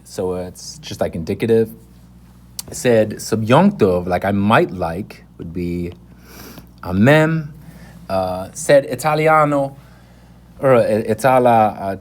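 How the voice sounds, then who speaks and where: A man giving a casual, rambling spoken language lesson, correcting himself often as he goes. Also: lowish voice. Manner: relaxed and rambling, with many fillers and self-corrections. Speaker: language teacher.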